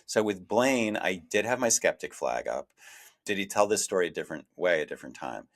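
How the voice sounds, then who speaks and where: Low-voiced man, reflective podcast co-host. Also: expressive, a little fast. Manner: reflective, self-deprecating, many restarts. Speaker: investigative journalist, podcast co-host. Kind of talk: conversational podcast discussion.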